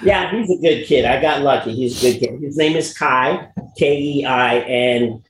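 A man's voice: medium pitch, moderate pace, echoey room, poor audio. A man guesting in a casual chat, talking animatedly and laughing often. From England. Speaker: guest actor.

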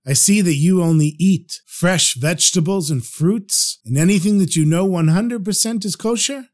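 A man's voice: sits high, moderate pace, darkish tone, close to an everyday voice. A man doing an earnest repentant thief. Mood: resolute. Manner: pleading, heartfelt confession.

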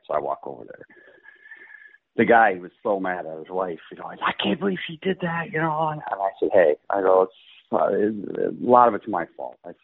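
Deep husky man on a phone-like line. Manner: animated, acts out quotes, laughs often. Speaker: pro golfer telling a story. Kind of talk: casual storytelling.

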